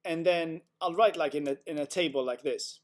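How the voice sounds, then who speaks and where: A man's voice: a little high, moderate pace. Man, language tutor on a video call, patient and methodical, demonstrating sounds one by one. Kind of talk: online tutoring session.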